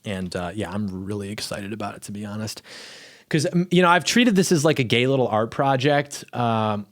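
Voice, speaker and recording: A young man with a fairly low voice talks loosely to camera in a small home studio. He rambles and restarts his sentences in an offhand, unscripted way, like a YouTuber speaking off the cuff. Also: animated, moderate pace. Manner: rambling, self-interrupting, offhand. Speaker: YouTube commentator. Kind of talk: casual chat to camera.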